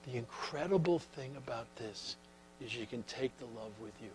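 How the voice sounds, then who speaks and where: A man voicing a young man's ghost saying farewell, speaking softly and tenderly while retelling a film scene. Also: medium pitch, moderate pace, slight background noise, close to an everyday voice, low-quality recording.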